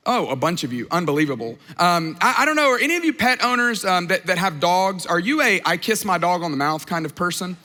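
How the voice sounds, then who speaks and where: Bright-voiced pastor in a reverberant church. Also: male voice, high voice, big pitch swings, brisk, hardly any pauses. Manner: conversational storytelling, asks the crowd questions. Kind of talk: sermon. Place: large church auditorium.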